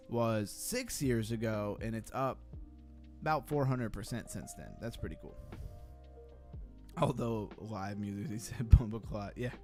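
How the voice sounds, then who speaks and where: A man hosting a livestream, giving blunt, skeptical commentary and reacting to viewer comments in a casual chat. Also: medium pitch. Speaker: crypto livestream host.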